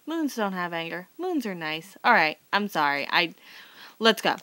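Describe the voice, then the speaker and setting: Speaking to camera in a sing-song, fairly low voice at a normal pace, a twenty-something woman sums up a soap opera. She sounds fed up and sarcastic, wandering off on tangents and saying "like" a lot, her tone pushed and bright with no room sound.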